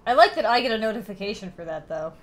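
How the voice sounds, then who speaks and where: A woman streamer chatting casually while playing a game, lively and swearing freely. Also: mid-range voice, quick pace. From New York area.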